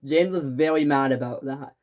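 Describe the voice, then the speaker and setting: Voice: mid-range voice, normal speed, darkish tone. A young storyteller narrating a homemade toy-train story off the cuff, restarting mid-sentence.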